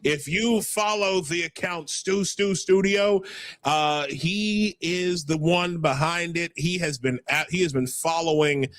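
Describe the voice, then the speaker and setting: New york man, livestream host, brash, stammering, fairly high voice, dry close mic. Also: slow, fairly bright tone, no room sound. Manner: stammering, brash, reads chat aloud. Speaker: podcast host. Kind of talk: casual livestream chat.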